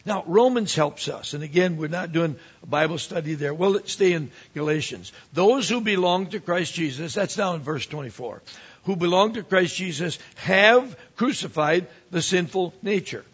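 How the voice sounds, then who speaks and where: A man who is a pastor, preaching a sermon with animated swings from quiet asides to emphatic rises. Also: high voice, normal speed, husky, highs cut off.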